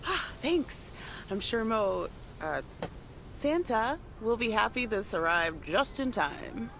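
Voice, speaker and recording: A cheerful old school friend. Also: female voice, a little high, very animated, takes it slowly, creaky, a bit bright, slight background noise, heavily acted.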